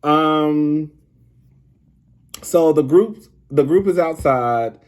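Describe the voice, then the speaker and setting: A man casually recapping a reality show episode, gossipy and animated, often breaking into laughter. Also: fairly high pitch, very slow.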